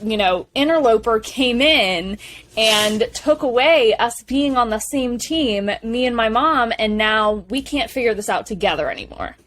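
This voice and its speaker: A young woman co-hosting a podcast, eagerly retelling film scenes in a gushing, animated way. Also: on the high side, unhurried. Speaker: podcast co-host. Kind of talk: casual film discussion chat.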